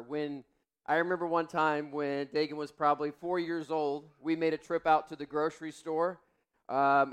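A man's voice: a little high, smooth. A man in his forties, a pastor, telling a family story in a sermon and acting out the voices in it.

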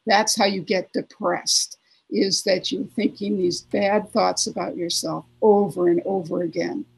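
A woman therapist with a gravelly, husky voice of middling pitch speaks earnestly in an interview. She repeats key phrases and slips into little voiced examples of self-talk. Her tone is warm and practical. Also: fairly even intonation, a little slow, rough recording. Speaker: therapist guest. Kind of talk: conversational advice interview.

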